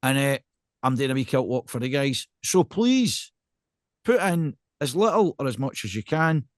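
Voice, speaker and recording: Animated Scottish man, lively rambling chat. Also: medium pitch, normal speed, no echo, studio quality. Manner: rambling, self-deprecating, animated. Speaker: podcast co-host. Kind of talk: casual podcast chat.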